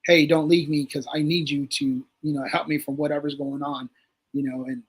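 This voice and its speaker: A man with a husky, slightly raised voice tells a story loosely on a livestream. He acts out the quotes as he goes and swears freely. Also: fairly high pitch, level tone, a little fast. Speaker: guest.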